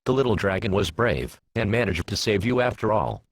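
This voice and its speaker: A man voicing Rainbow Dash, a bold young female pegasus, in a fan fiction reading, with a husky voice. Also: lowish voice, expressive, fairly quick, a little hiss or hum. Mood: consoling.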